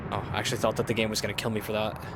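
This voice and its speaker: A man's voice: on the low side, flat delivery, rapid-fire, heavy background noise. A man giving casual gameplay commentary as he plays, thinking aloud and rambling with lots of filler words. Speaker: let's play gamer.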